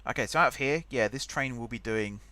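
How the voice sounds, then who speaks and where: A man's voice: medium pitch, fairly quick, pushed and bright, no room sound. A young man hosting a game let's play, rambling chattily and thinking aloud as he types. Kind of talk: casual gameplay commentary.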